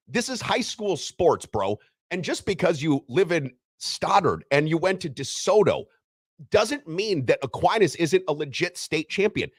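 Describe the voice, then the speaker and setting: Guy hosting sports talk, bouncy animated voice, dry close mic. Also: high-pitched, normal speed, slightly rough, no room sound. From Western Wisconsin. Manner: animated, teasing, lively delivery. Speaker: co-host of a sports radio show. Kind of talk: casual sports talk radio.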